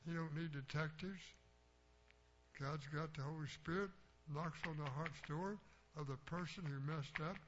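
A man's voice: fairly high pitch, measured pace, a bit bright. An older man preaching a sermon, plainspoken and blunt, telling folksy stories from his own life. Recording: dull lo-fi recording with faint hum.

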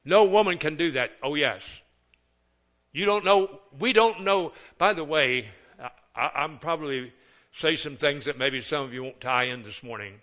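A man's voice: fairly high pitch, animated, moderate pace, pushed and bright, lo-fi sound. An older man, a pastor of many years, preaching a sermon with folksy, joking asides.

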